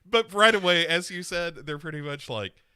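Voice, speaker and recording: A male podcast co-host in casual chat, retelling films with animated energy and slipping in voices. His tone is bright and forward, his pitch swoops, and the close mic sounds dry. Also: moderate pace, clean tone, dry recording. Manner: animated storytelling, acting out characters.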